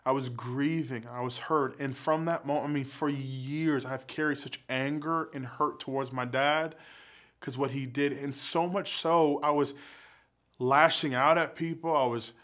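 A man's voice: mid-range voice, fairly even intonation, unhurried, a bit bright. A man giving an earnest youth sermon as a youth pastor, repeating words as he builds intensity, then leading a prayer. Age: adult father.

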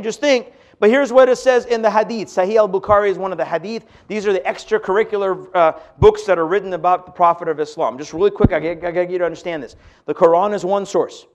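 A man with a high voice lectures a live audience as a pastor. He pushes key points hard, then drops to hushed asides. He keeps turning to the crowd with rhetorical questions. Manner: animated, swings between loud emphasis and hushed asides.

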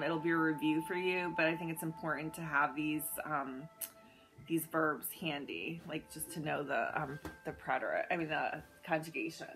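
A woman's voice: low-pitched, bright, forceful tone, low-quality recording. A woman teaching a Spanish grammar lesson, patiently spelling words out letter by letter, with some fillers and self-corrections. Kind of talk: guided notes lesson.

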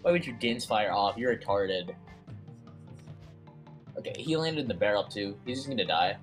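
A young man casually commentating a computer fighting game tournament, excitable and slangy, swearing often. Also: on the low side, moderate pace, faint music behind. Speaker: stream commentator.

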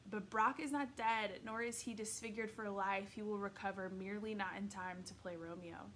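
A woman's voice: mid-range voice, steady tone, moderate pace, fairly bright tone, slight background noise, natural voice. A woman voicing a pompous teenage boy ghost from Shakespeare's time, in theatrical, archaic phrasing for a read-aloud. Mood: grandly insistent.

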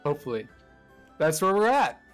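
A man talks his group through a recap of their last tabletop game session, rambling and poking fun at himself. His voice sits a little high. Faint music plays beneath him. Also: sing-song, moderate pace, a bit bright. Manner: rambling, self-deprecating, laughs through his lines. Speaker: player giving the session recap.

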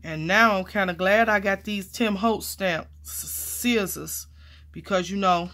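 A woman chats to her viewers in an unhurried, drawn-out way while she crafts, calling them y'all and honey. She gets excitable, then sinks to quiet murmurs while her hands are busy, and her voice sits at an ordinary middle pitch. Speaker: crafting vlogger. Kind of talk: casual chat while crafting.

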